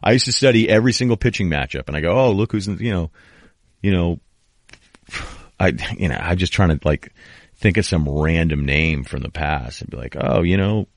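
A man's voice: deep voice, lively intonation, brisk, dry recording, studio quality. A man in his thirties hosting a sports podcast, telling stories in a rambling, casual way full of fillers and restarts. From New England. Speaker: podcast host.

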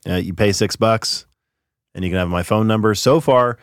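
Chatty low-voiced man co-hosting a podcast. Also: moderate pace, clean tone, dry recording, studio quality. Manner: laughing, chatty, reads listener comments. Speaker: podcast co-host. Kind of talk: casual political chat.

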